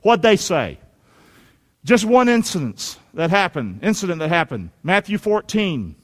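A male pastor, preaching an animated sermon that swings from shouts to quiet asides. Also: sits high, measured pace, long reverb tail.

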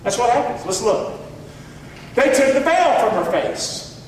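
A man preaching a sermon as pastor, animated, quoting scripture in dramatic voices and joking with the congregation. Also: extremely high pitch, unhurried, slight background noise. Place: church sanctuary. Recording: echoey hall, mic at a distance.

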